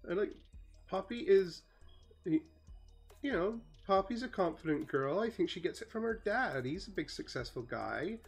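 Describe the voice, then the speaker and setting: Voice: mid-range voice, animated, moderate pace, husky, faint music behind, voice pushed up. A game master voicing a chatty, reassuring suburban mother of a teenage girl in a tabletop role-play. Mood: soothing.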